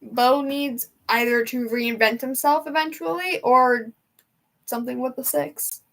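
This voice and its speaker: A woman's voice: high voice, steady tone, a little slow, creaky, a bit bright. Chatty young woman livestream host. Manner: rambling, emotional, chatty fan talk. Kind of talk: casual chat with live chat. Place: home.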